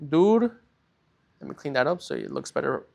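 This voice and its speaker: A Spanish teacher with a fairly high, expressive, mellow voice and some vocal fry leads a recorded language lesson. He explains patiently step by step, often slowing to stretch out key words and checking that his students are following.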